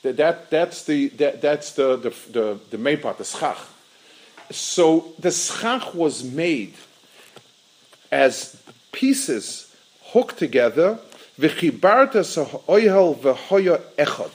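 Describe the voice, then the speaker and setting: A man's voice: a little high, big pitch swings, slow, darkish tone, low-quality recording. A man giving a Torah lecture, often repeating words as he searches for his phrasing and chanting Hebrew verses before translating them. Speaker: rabbi.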